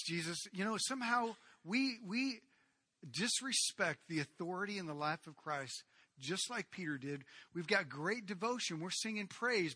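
Bright, animated preaching man. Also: sits high, no room sound. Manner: animated, acts out the people in the story. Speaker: pastor. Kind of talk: sermon.

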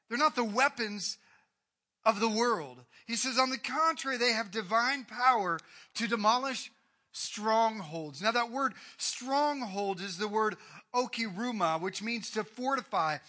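A man preaching a sermon, retelling a Bible story with swings from hushed to loud. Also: very high voice, expressive, measured pace. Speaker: pastor.

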